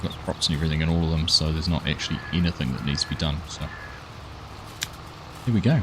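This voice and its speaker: A man's voice: rumbling low, fast, background noise. A man hosting a live farming game stream, chatting casually and greeting viewers by name in a friendly, upbeat way. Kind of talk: live gameplay commentary.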